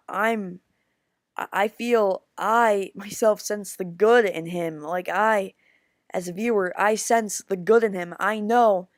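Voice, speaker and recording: A woman giving a casual film review, rambling and excitable, with frequent restarts, calling her viewers "guys". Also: mid-range voice, no room sound, studio quality. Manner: rambling, halting with many restarts.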